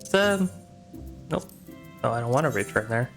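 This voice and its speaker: A man's voice: medium pitch, lively intonation, moderate pace, gravelly, a bit bright, faint music behind. A man casually talking through a game on a live stream, rambling, unsure and poking fun at himself. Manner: casual, rambling and self-mocking, often unsure. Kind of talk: live-stream gameplay commentary.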